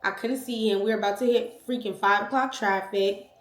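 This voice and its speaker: A young woman vlogger telling a personal story in a casual, slangy, animated way, acting out the quotes. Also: mid-range voice, brisk. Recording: echoey room.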